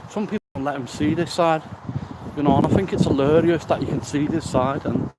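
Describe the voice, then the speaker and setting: A man's voice: on the high side, fairly even intonation, brisk. A man, walking outdoors and talking into a handheld phone, out of breath, rambling and blunt with casual swearing. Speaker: recovery vlogger. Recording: outdoor noise, wind and birds.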